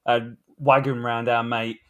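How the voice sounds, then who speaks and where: A man's voice: mid-range voice, flat delivery, unhurried, muffled recording. A man from England hosting a cricket podcast, chatty and nostalgic in casual conversation. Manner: chatty, nostalgic, laughs often. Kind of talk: casual chat. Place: Australia.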